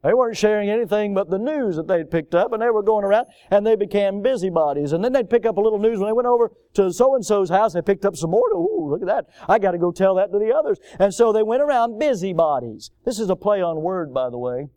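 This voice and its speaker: Older male pastor, sermon delivery, smooth clear voice, dry close sound, lively mocking asides. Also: high voice, fast, hardly any pauses, no echo. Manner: animated preaching with mocking voices for quoted people. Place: church.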